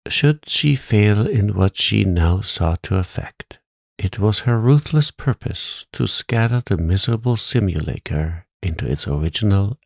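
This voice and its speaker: A man reading a bedtime story aloud in a calm, soft-spoken, soothing manner. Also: deep voice, vocal fry, no room sound.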